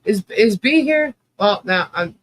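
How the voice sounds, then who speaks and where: A man's voice: sits high, animated, a little slow, a bit bright, no room sound. A man hosting a casual livestream, telling rambling stories with lots of fillers and laughter. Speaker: livestream host. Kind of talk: casual chat.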